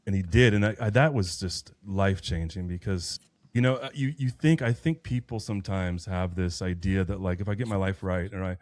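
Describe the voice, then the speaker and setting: A man's voice: low-pitched, a little fast, darkish tone, no room sound. A man in his thirties, a podcast guest, telling a personal faith story in an earnest, rambling way with many restarts. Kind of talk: personal faith testimony in conversation.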